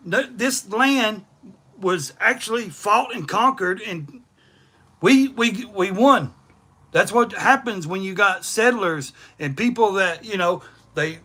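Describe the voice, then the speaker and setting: A man's voice: high voice, bright, forceful tone. A man, ranting bluntly and profanely on a livestream. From East Tennessee, USA. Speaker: livestream host. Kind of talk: unscripted livestream rant.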